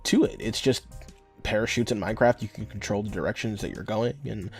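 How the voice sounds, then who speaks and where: A man's voice: lowish voice, brisk, vocal fry, soft background music. A young man giving rambling, joking gameplay commentary as a gaming channel host. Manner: rambling, joking, filler-heavy. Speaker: gaming YouTuber.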